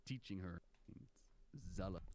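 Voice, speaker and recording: A man voicing a grave storyteller of dark lore, narrating a game cinematic in a solemn, measured way. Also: low voice, no room sound, clean studio sound. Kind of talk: scripted narration.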